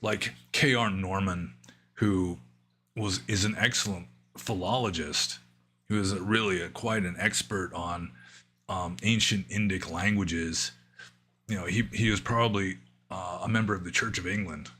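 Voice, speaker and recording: Low-pitched, bright-voiced man musing aloud. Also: a little hiss or hum. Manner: musing, thinking aloud with fillers and trailing asides. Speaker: Buddhist monk answering viewer questions. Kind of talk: livestream Q&A, casual explanation. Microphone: livestream microphone.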